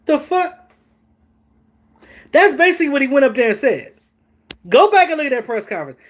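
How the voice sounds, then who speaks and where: A man hosting a casual sports talk stream, animated, joking and swearing as he reacts to chat. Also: very high-pitched, quick pace. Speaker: host.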